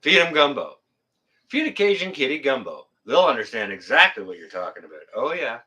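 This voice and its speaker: Bright-voiced man chatting live. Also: medium pitch, big pitch swings, fairly quick. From Canada. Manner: rambling, joking, swears mildly, laughs at chat. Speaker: livestream host. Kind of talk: casual live chat reading viewer comments.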